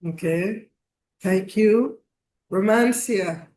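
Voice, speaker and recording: Slow-speaking workshop host in echoey room. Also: mid-range voice, a little mellow, slight background noise. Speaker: masterclass host. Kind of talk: online workshop introductions. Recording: roomy echo.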